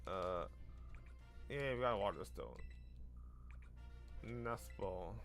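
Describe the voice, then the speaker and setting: Streaming a game, a man from Korea with an American accent chats casually, responding to chat and often trailing off before starting again. His voice is on the low side, fairly bright, lively in intonation and slow-paced, with faint background music.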